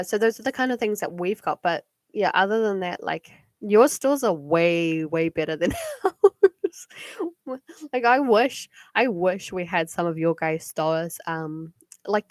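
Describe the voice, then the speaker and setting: A woman's voice: on the low side, no room sound, clean studio sound. A young woman with a New Zealand accent chatting casually to viewers on a live stream at home, rambling with many fillers and giggles. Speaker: livestream card reader. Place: home at night.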